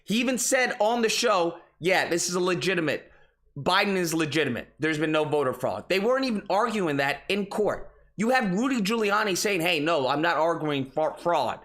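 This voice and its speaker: A man's voice: sits high, animated, fairly quick, fairly bright tone. A young man hosting an online commentary show, ranting in a casual, exasperated and profane way. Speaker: political commentary host.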